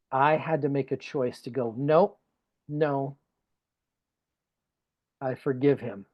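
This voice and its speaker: A man's voice: medium pitch, muffled recording. A man, a guest speaker, telling a personal story in conversation, earnest and emotional, often repeating phrases for emphasis.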